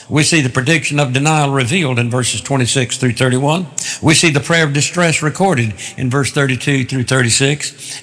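A man preaching an expository sermon, deliberate and emphatic, repeating phrases to drive points home. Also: mid-range voice, fairly bright tone. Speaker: pastor.

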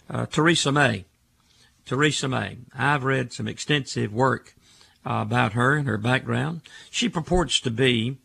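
A deeply gravelly, husky older man preaching on a call-in radio show. He hammers his points home by stacking words in rhythmic, emphatic lists. His delivery stays firmly in a preacher's cadence. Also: sharp tone.

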